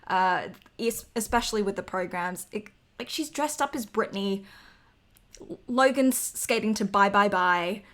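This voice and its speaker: A woman's voice: mid-range voice, unhurried, a bit bright. A young woman co-hosting a podcast in casual chat, chatty and emphatic, laughing often. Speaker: podcast co-host.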